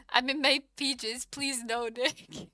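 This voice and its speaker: With a voice that sits high and no echo around it, a young female streamer talks casually with her audience while playing. She giggles frequently and breaks into excited exclamations.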